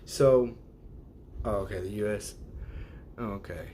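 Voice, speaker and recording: A man's voice: on the low side, measured pace, dark tone, slight background noise. A man hosting a casual livestream, rambling and hesitant, laughing often as he sounds out viewers' names. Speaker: livestream host.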